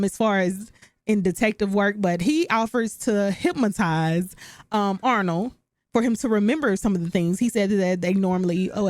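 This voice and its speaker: A woman's voice: medium pitch, dry recording. Chatty woman recapping a sitcom. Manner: chatty, animated, talks straight to viewers. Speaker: recap host. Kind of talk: casual recap commentary.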